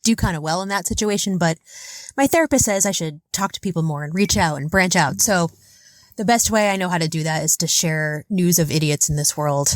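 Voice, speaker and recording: A woman's voice: on the low side, fairly quick, no room sound. A woman opening a recorded comedy news segment with a wry, sardonic delivery.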